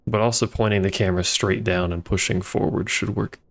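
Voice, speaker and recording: Gravelly low-voiced man streaming a game. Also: steady tone, a little fast. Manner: wry, grumbling, swears casually. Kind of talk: casual gameplay commentary.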